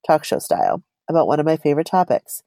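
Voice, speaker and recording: A woman's voice: low voice, wildly swooping pitch, quick pace, creaky, dark tone, no echo. A woman co-hosting a podcast, reading a personal story aloud in a chatty, giggly way.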